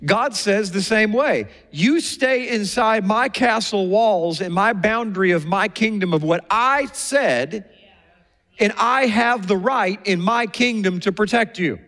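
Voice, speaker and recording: A man preaching a sermon, telling stories in a lively way and acting out the people he quotes. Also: high voice, measured pace. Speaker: pastor. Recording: long hall reverb.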